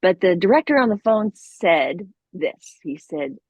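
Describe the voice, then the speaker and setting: A middle-aged woman guest telling a story in a casual, animated way, with lots of laughs and fillers. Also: fairly low pitch, a little slow, slightly rough, no echo, dull audio. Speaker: voice actor guest.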